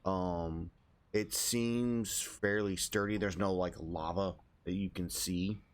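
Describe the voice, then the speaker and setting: Man, fairly low voice, runs the table with a loose, filler-heavy narration. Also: slow pace. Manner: relaxed, hesitant with many fillers. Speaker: game master.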